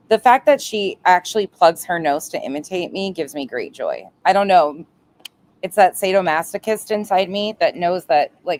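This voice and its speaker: A woman's voice: on the low side, a little mellow. Nasal woman host, dry sarcastic commentary with plenty of swearing. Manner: sarcastic, profane running commentary. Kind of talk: reaction commentary.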